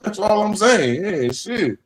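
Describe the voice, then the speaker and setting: High-pitched guy ranting on his stream, cussing a lot, rambling and loud about it. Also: very animated, slow, rough recording. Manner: profane, rambling, emphatic. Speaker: livestream host. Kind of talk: casual rant.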